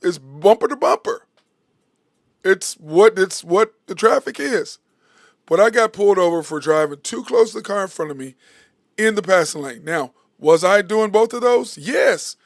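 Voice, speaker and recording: Heated, high-voiced sports talk host man. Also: animated, normal speed, vocal fry, no echo, clean studio sound. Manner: heated, blunt, swears freely. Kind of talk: opinionated monologue.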